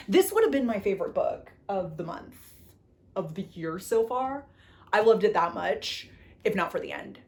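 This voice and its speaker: A woman's voice: mid-range voice, lively intonation, moderate pace. Gushing young woman reviewing books. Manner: gushing and exasperated, repeats herself, lots of "like". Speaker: book vlogger. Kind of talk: casual book review chat.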